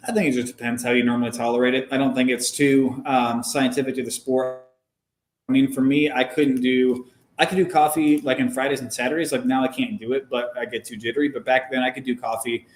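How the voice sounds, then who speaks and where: Young male guest, ex-driver, measured and explanatory, roomy echo, mid pitch. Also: flat delivery. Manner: measured, explanatory, frequent "um" fillers. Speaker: guest, former race car driver. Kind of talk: casual conversational interview.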